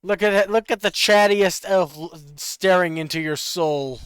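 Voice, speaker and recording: Excitable high-voiced male streamer. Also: normal speed, smooth, dry recording. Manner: excitable, joking, laughs often. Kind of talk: casual gameplay commentary.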